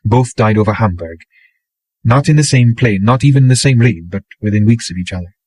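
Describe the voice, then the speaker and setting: A man reading an audiobook, voicing a blunt, caring young woman who talks in a brisk, chiding way. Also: on the low side, lively intonation, darkish tone, no room sound. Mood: earnest.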